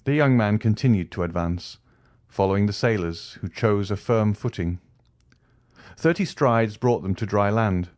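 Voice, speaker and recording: A man's voice: on the low side, no echo, clean studio sound. Man reading a classic novel aloud. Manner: measured, even storytelling. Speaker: audiobook narrator. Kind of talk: scripted narration.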